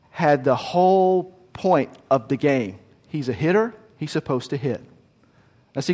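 A man's voice: a little high, a little mellow. Folksy male pastor in an echoey hall. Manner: conversational, folksy storytelling with frequent restarts. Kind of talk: sermon.

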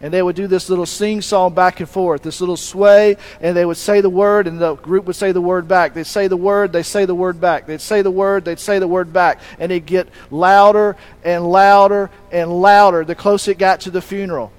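High-voiced man preaching a conversational sermon. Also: fairly even intonation, moderate pace, hardly any pauses, low-quality recording. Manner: conversational, asks rhetorical questions; restarts and self-corrects mid-sentence.

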